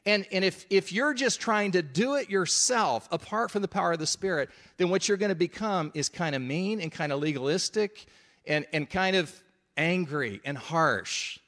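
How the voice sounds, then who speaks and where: A man's voice: high-pitched, lively intonation, normal speed, a bit bright. A man preaching a sermon in an earnest, conversational, emphatic way.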